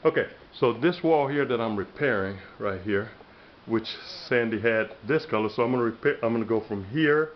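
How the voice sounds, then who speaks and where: A man's voice: medium pitch, normal speed. A man filming himself indoors as he walks through a house, chatty and proud as he shows off his plaster work. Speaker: plaster artist. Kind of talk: casual walkthrough video. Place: indoors in a house, walking between rooms. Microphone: handheld camera mic, filming himself. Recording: dull lo-fi camera audio with faint noise.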